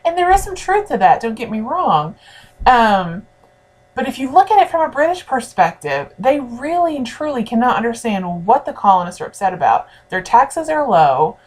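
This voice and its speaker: A woman's voice: on the high side, very animated, normal speed. A woman teaching a history lesson in a conversational way, speaking directly to her students. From United States. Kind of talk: recorded classroom lecture.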